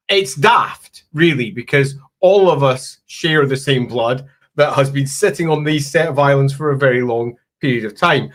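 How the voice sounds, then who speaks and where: A Scottish man co-hosting a live-stream chat, talking in a chatty way with frequent laughs and lively asides. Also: on the high side. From Scotland. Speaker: podcast co-host.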